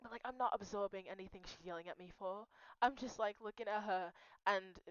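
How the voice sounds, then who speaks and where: A woman's voice: mid-range voice, fairly quick, a bit bright, smooth, dry recording, dull audio. Young woman crying as she vents. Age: young adult. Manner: rambling, swears often, restarts sentences. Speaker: vlogger. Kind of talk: emotional personal vent.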